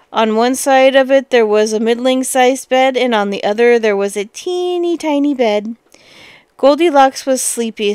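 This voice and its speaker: Smooth-voiced woman reading a fairy tale. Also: on the high side, dry recording. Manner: expressive, with lively exclamations. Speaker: storyteller.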